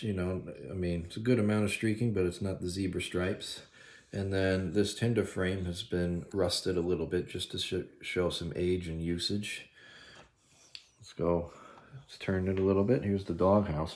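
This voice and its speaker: A low-voiced model train hobbyist films his own work on his phone in his home kitchen, casually narrating a walk-around. He stays relaxed and fills his show-and-tell with plenty of ums and uhs as he talks while filming.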